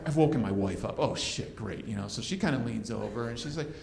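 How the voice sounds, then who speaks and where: A man performing stand-up comedy on a club stage, telling a profane story with hushed asides. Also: medium pitch, lively intonation, fast, creaky, heavy background noise. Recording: roomy club recording with crowd laughter.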